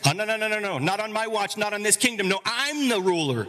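A man's voice: fairly high pitch, expressive, racing, fairly bright tone, long reverb tail. Man ranting as a furious jealous king. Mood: seething, threatening. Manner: ranting, threatening, indignant.

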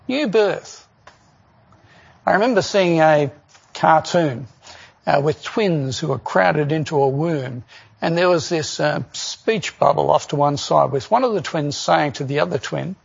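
Man preaching, husky and gravelly, earnest, rhetorical questions, dull lo-fi sound. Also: fairly high pitch, lively intonation, moderate pace. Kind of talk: sermon.

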